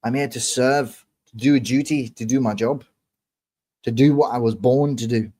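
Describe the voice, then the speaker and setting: A man from England hosting his own online show, talking casually to viewers in a combative, lecturing way, slow and deliberate, swearing often and repeating his points. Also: mid-range voice, fairly even intonation, warm tone. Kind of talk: casual monologue answering viewer comments.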